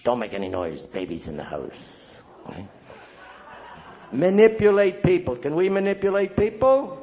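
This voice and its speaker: High-voiced older man telling recovery stories. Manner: lively storyteller, acting out quoted voices; checks in with the crowd with "right?" and "eh?". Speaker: AA speaker and priest. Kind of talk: recovery meeting talk to an audience.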